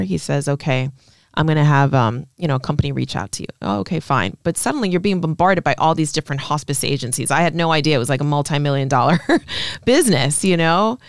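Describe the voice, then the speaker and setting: Woman, studio podcast, emotional storytelling, quoting others, smooth clear voice. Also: deep voice, brisk, dry recording. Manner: emotional storytelling, acts out quoted lines. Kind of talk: casual podcast conversation. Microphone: studio mic.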